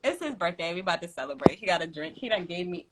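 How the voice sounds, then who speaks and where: A woman's voice: on the low side, lively intonation, fast talker, very noisy. A woman hosting a tarot livestream from home, chatting casually in slang, laughing often and reading out viewer comments.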